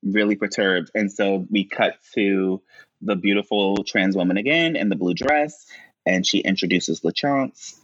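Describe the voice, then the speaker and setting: Slow, halting man recapping a scene. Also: a bit bright, no room sound, muffled recording. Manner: slow, halting recap with frequent fillers and high-pitched quoted lines. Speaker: podcast co-host recapping a show. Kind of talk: casual chat, acting out scene dialogue.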